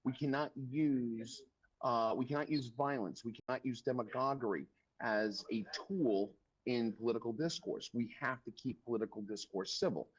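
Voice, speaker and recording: A man's voice: medium pitch, normal speed, breathy edge, poor audio. A man, a policy analyst speaking live from a remote link, hesitant at first with fillers and restarts, then emphatic. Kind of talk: live interview commentary.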